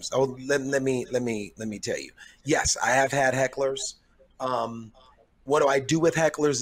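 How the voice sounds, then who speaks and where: A middle-aged comedian, a guest on a podcast, who tells stories in a measured way, often restarting as he gathers his thoughts. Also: mid-range voice, fairly bright tone. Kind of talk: conversational storytelling.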